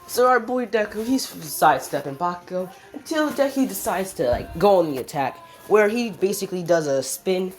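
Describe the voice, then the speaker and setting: A woman's voice: fairly low pitch, darkish tone. A woman casually improvising a fan story, rambling with restarts and swearing.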